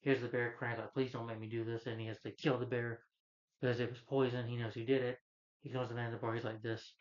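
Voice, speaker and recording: A man casually retelling a film's plot as a reviewer, rambling and halting with lots of "you know" and restarts. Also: medium pitch, level tone. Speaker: movie reviewer. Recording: slightly dull lo-fi recording.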